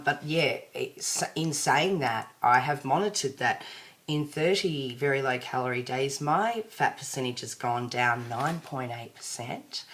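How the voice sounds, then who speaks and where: A woman's voice: very deep voice, a bit bright. An Australian woman chatting to her viewers in a casual vlog, rambling and self-deprecating. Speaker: vlogger.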